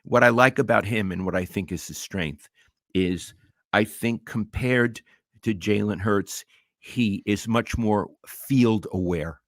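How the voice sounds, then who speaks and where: A man's voice: fairly low pitch, slow, a bit bright, dry recording, studio quality. Older man with a Brooklyn accent. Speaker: podcast co-host. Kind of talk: casual sports talk.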